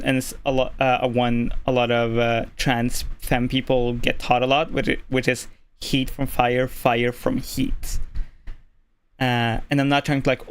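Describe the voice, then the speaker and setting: A streamer from Norway with a male-sounding voice, casually explaining voice tips at a desk mic, keeping the voice relaxed and filling pauses with "like". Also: mid-range voice, clean tone. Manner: relaxed, deliberately easy on the voice, lots of "like" fillers. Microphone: desk microphone.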